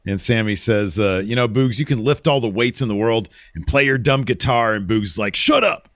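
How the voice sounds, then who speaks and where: A man co-hosting a podcast, casually recapping wrestling and acting out the wrestlers' lines in animated voices. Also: fairly low pitch, fairly quick, no room sound, studio quality. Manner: retells matches with animated quoted voices. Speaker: podcast co-host.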